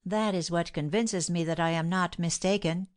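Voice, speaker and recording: A woman's voice: fairly low pitch, fairly even intonation, normal speed, natural voice. Woman reading as a cold, scheming young wife. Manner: cold, insistent, contemptuous.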